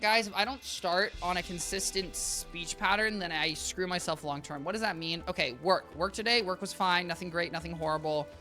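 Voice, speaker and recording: Young adult streamer, bright tense voice, rambling chat to viewers, faint game music behind. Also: medium pitch. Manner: rambling, talks to chat, heavy use of "like" and "guys". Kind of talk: casual gameplay commentary.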